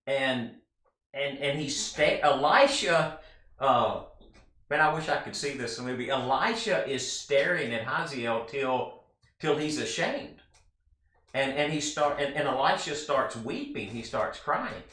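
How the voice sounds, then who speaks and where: A man's voice: mid-range voice, animated, fairly bright tone. Chatty man teaching Bible study, echoey room. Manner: earnest, chatty, quick asides to listeners. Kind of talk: conversational Bible study lesson.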